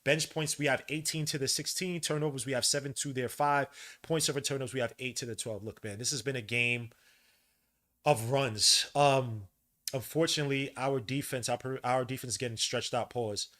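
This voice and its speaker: A man hosting a podcast, giving live play-by-play commentary and stats with excitable, frustrated, slangy outbursts. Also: mid-range voice, moderate pace. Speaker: podcast host.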